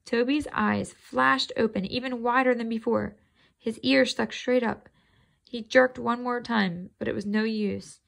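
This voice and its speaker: A woman's voice: a little high, fairly even intonation, a little slow, gravelly. A woman reading a children's chapter book aloud in a casual way, stopping to think aloud and quiz her listeners.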